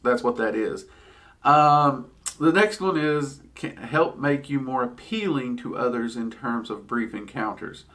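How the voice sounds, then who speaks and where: A man's voice: medium pitch, fairly bright tone. A man teaching about occult spirits in a casual, chatty way, with frequent ums and wry asides. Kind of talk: casual explanatory talk.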